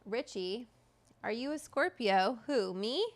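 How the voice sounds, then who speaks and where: A woman's voice: on the high side, expressive, slow, no echo. A middle-aged woman hosting a casual livestream, talking bluntly and with a lot of profanity as she gets fired up. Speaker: cooking show host.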